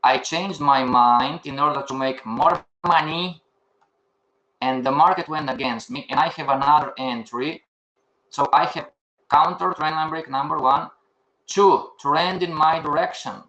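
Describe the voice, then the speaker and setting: Older male instructor, slightly high voice, live class, quizzes his students then answers them himself. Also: measured pace, bright, forceful tone, lo-fi sound. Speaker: trading instructor. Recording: echoey room.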